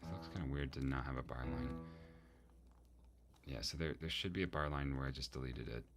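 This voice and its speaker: A man's voice: very deep voice, brisk. A man composing music and thinking aloud, muttering to himself and humming melodic lines on "da".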